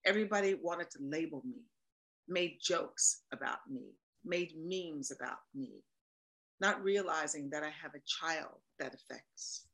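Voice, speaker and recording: A woman's voice: sits low, unhurried, vocal fry, a bit bright, low-quality recording. A woman, a voice actor and producer, talking animatedly and with emphasis as a guest in a casual interview.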